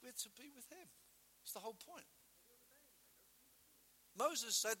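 High, bright-voiced impassioned male preacher. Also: lively intonation, takes it slowly, pauses often, long reverb tail, a little hiss or hum. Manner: passionate, acts out quotes, swings between loud and hushed. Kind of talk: sermon.

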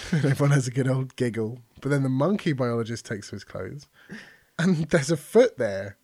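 A man's voice: medium pitch, expressive, normal speed, darkish tone, no echo, studio quality. A man on a comedy podcast, improvising a rambling joke and often giggling.

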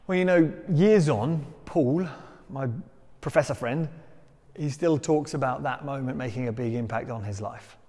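A man's voice: medium pitch, warm tone, long reverb tail. A man delivering a conversational sermon, telling stories with self-deprecating humour. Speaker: preacher.

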